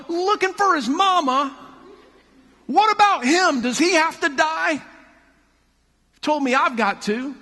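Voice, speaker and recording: A man voicing an anxious, jealous male disciple who speaks quickly and pleads. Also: extremely high pitch, pitched above the performer's own voice. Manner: fast, excited, pleading. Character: jealous, agitated male disciple in his prime. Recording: long hall reverb.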